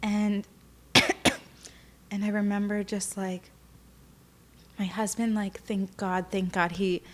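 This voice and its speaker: A young woman with a medium-pitched voice speaks slowly and flatly as a podcast guest in a candid personal interview. She is often emotional and tearful, and uses many fillers.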